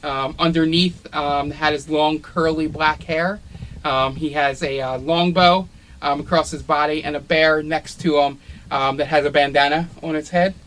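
A man's voice: fairly high pitch, steady tone, normal speed, fairly bright tone, slight background noise, poor audio. A man narrating a tabletop role-playing game as game master, describing scenes with frequent ums and uhs. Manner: descriptive, filler-heavy with many ums.

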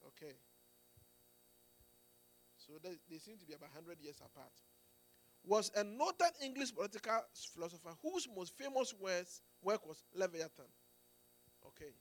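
Preaching emphatically in a high, very animated voice, a man moves at a moderate pace with long pauses. He often restarts his phrases and asks the congregation for responses, with frequent "Amen"s and "Do you get it?".

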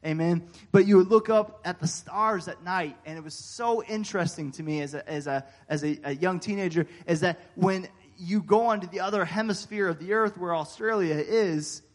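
An American man preaching a sermon, telling a personal story in a folksy, animated way with frequent fillers and amens. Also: high-pitched. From United States. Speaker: pastor.

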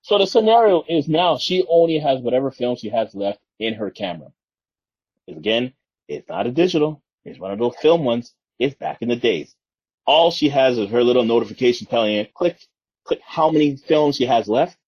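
Animated man retelling a movie. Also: medium pitch, normal speed, slightly rough, dull audio. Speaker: podcast co-host. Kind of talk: casual chat.

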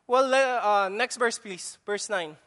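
Man, pastor, conversational sermon, rhetorical questions, very high voice. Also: unhurried, sharp tone.

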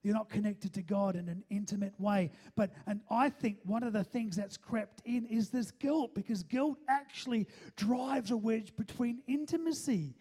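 Warm husky preacher checking in with the crowd. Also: medium pitch, normal speed, hardly any pauses. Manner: keeps checking in with the listeners, emphatic. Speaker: pastor. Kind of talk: sermon.

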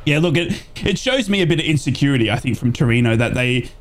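A man's voice: mid-range voice, expressive, fast talker. A male co-host with an Australian accent on a football chat show. He teases the other hosts in a playful, casual way. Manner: playful, teasing.

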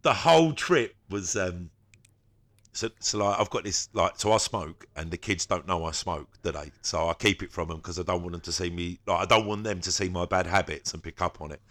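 A man's voice: sits low, brisk, fairly bright tone. A man, a podcast co-host telling stories in casual, slangy chat and laughing often.

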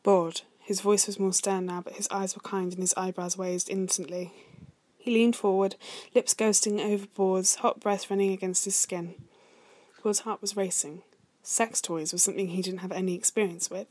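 Soft-spoken woman narrator, steady read-aloud, mid pitch. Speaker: story reader.

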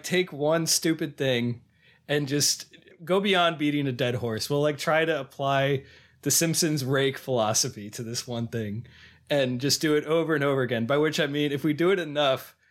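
A man's voice: mid-range voice, fairly bright tone. A man co-hosting a movie podcast, telling rambling personal anecdotes with lots of fillers. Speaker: podcast co-host. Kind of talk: casual movie discussion.

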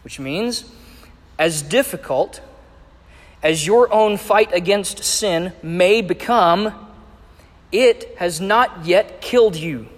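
Slow, high-voiced preacher in a hall. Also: male voice. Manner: measured, emphatic reading of scripture. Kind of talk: sermon. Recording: echoey hall with long reverb.

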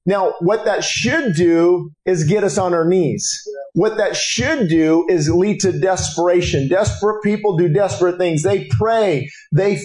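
A man's voice: high voice, a little slow, darkish tone, reverberant, low-quality recording. A middle-aged man preaching a sermon at a breakfast gathering, earnest and rising into urgent exhortation.

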